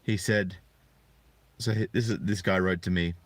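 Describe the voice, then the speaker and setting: A man in his thirties talking earnestly and reflectively to viewers on a live stream, often halting to find his words. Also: low-pitched, fairly even intonation, dry recording. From Australia. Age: 30s. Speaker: channel host. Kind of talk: live-streamed personal talk.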